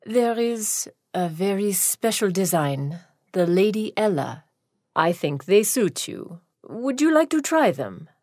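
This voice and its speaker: A woman putting on a sly male shoemaker in his late thirties with an unplaced foreign accent. He speaks slowly and softly, in a hushed, insinuating way that carries a hint of menace. It is a storybook tale, read up close in a very dry sound. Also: medium pitch, very animated, no echo.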